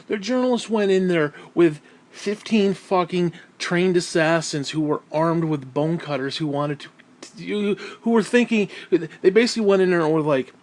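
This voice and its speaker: Irritable male vlogger, profane rant, fairly high voice, heavy sighs. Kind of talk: angry ranting monologue.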